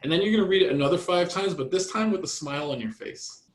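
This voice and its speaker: A man coaching real estate agents in a training session, energetic and repetitive. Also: high-pitched, quick pace, reverberant, rough recording.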